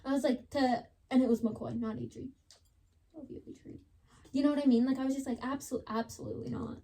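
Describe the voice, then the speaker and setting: A woman's voice: high-pitched, fairly even intonation, brisk, mellow. A young woman on a podcast, chatting casually and dramatically retelling a story, with lots of "like.". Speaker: podcast co-host.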